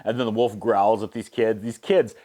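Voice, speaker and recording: A man recapping a movie's plot with sarcastic asides, briefly acting out the characters in quick voices. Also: fairly low pitch, fairly even intonation, mellow. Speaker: movie reviewer.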